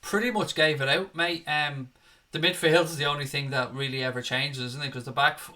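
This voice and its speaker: Young male fan host, slightly high, crisp bright tone, matey live-stream chatter. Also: normal speed. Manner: matey, calls viewers mate and buddy. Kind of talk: live stream chat reading viewer comments.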